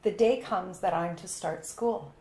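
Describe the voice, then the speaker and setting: A woman from Canada hosting an interview, chatting and telling quick personal anecdotes. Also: on the low side, a little mellow. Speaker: host. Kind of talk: conversational interview. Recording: echoey room.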